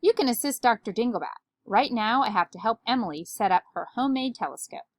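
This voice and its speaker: A woman's voice: on the high side, lively intonation, fast talker, no room sound, clean studio sound, voice pushed up. A woman voicing a friendly, helpful science teacher from a children's storybook.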